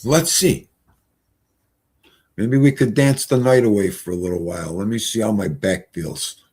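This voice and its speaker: A man's voice: fairly low pitch, expressive, brisk, mellow, husky. A man, live-streaming and chatting casually in a rambling, folksy storytelling way.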